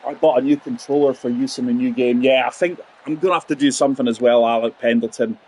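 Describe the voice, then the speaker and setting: A man's voice: medium pitch, steady tone, fast talker, a little mellow, slightly rough. A man in his forties giving chatty, rambling commentary while playing a golf video game and talking to his viewers. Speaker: gaming channel host. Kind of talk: casual gameplay commentary.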